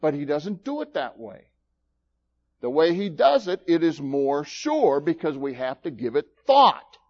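Male preacher, slightly high voice, folksy emphatic sermon delivery. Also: very animated, a little slow, darkish tone, highs cut off. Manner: folksy, emphatic, teasing asides.

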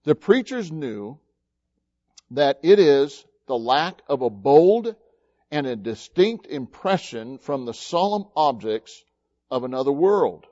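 A man's voice: a little high, a little mellow, muffled recording. A man preaching as a pastor, moving from reading to a chatty personal story told with fillers and restarts.

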